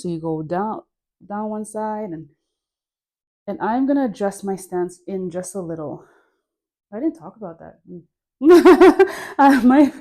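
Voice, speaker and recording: Chatty, mellow-voiced dance teacher woman. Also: mid-range voice. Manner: chatty, encouraging, breathy sighs between cues. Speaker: dance instructor. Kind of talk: guided dance class.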